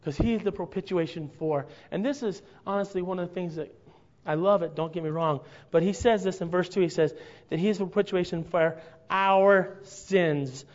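A man preaching a sermon to his congregation, earnest and building to impassioned, drawn-out emphasis. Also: sits high, dull audio. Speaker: pastor.

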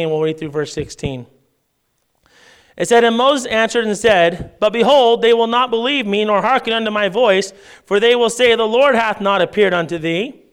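A man preaching a sermon, reading scripture aloud and breaking off into lively casual asides and paraphrase. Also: high voice, clear, resonant tone.

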